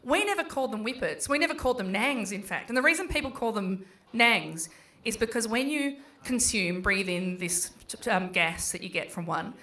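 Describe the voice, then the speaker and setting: Bright-voiced Australian woman doing stand-up. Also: on the high side, lively intonation. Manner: conversational, swears freely, acts out her kids in quick voices. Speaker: stand-up comedian. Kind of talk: stand-up comedy set. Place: small pub stand-up venue.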